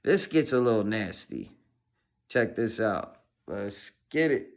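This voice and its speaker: A man's voice: on the low side, lively intonation, takes it slowly. Laid-back man doing reaction commentary. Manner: laid-back, lots of fillers like "you know what I mean". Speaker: reaction streamer.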